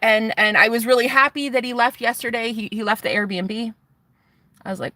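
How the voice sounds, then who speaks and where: A woman's voice: fairly high pitch, animated, normal speed, pushed and bright, no room sound. A woman vlogging in a casual confessional chat, rambling and chatty with lots of fillers. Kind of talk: casual confessional vlog talk.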